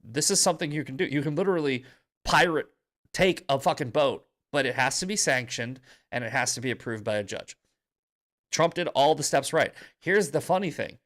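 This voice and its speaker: A man's voice: medium pitch, expressive, brisk, a bit bright. A male podcast host giving heated, profane commentary in an angry ranting manner.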